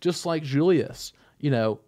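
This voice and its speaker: A young man with a slightly high, mellow voice and lively intonation co-hosts a podcast. In casual chat, he jokes, rambles, and is quick to laugh.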